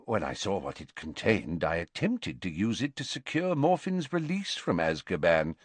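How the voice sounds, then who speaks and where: A wise old wizard speaks calmly and patiently, his measured voice lifting and falling with plenty of expression, as a man puts him on. His tone rises a little above the reader's own. The audiobook recording is close and dry. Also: deep voice, husky, dry recording, heavily acted. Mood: explaining. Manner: measured, gently explaining. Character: old male wizard headmaster, calm and measured. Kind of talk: audiobook character reading.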